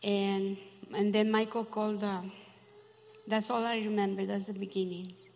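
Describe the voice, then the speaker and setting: An older woman recalling events in a hesitant, halting way, with many fillers. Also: medium pitch, little pitch movement, darkish tone, big-room sound. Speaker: guest. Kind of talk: casual recollection.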